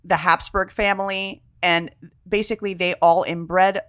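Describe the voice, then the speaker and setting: A woman co-hosting a casual podcast chat, telling stories with lively quoted voices and frequent swearing. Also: a little slow, clean tone, dry recording, studio quality. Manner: animated storyteller, acts out quotes in high voices, swears freely. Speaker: podcast co-host.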